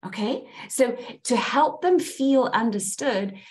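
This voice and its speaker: A woman's voice: fairly high pitch, animated, takes it slowly, a little mellow. A woman coaching a group on listening skills, animatedly acting out example phrases. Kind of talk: teaching a group session on listening.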